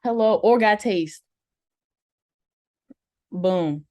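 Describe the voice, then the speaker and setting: A woman co-hosting a casual TV review chat, animated and slangy, often laughing. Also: mid-range voice, extremely slow. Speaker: co-host of a TV review show.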